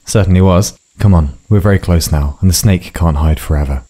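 A man's voice: low-pitched, a little fast, warm tone. A man voicing a sardonic, hard-drinking old woman guide in a storybook reading, with a dry, offhand, mumbling manner.

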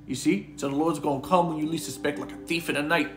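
Man, street preacher, casual slangy sermon, fairly high voice, echoey room. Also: steady tone, fast talker, hardly any pauses, soft background music. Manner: conversational, slangy, repeats words while preaching. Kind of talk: informal sermon with scripture reading.

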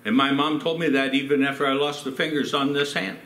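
A man's voice: medium pitch, flat delivery, fairly quick, a bit bright, echoey room. An older man, a pastor, telling personal stories in a sermon and acting out the quotes. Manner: storytelling with acted quotes. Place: church.

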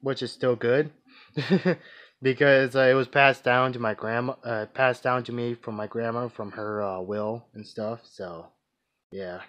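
A man's voice: medium pitch, steady tone, a little slow, fairly bright tone. A man vlogging casually, answering viewer questions in a rambling, hesitant way with many restarts and fillers. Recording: dull lo-fi recording.

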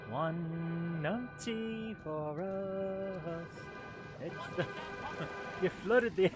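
A man's voice: high voice, very slow, over loud music. A man hosting a live game playthrough, joking and humming to himself as he plays. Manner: jokey, sings and hums to himself. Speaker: let's play host. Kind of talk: live gameplay commentary. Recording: loud game noise and sirens behind. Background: video game sounds, sirens.

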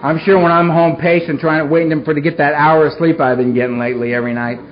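A man giving a raw, dramatic recovery talk to a live audience, with dark humor and a street-casual way of speaking. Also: a little high, fairly even intonation, quick pace. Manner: street-casual, peppers speech with "man" and "you know". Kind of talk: personal recovery story told to a live audience. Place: meeting hall with a live audience. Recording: dull, lo-fi live talk recording with faint hiss.

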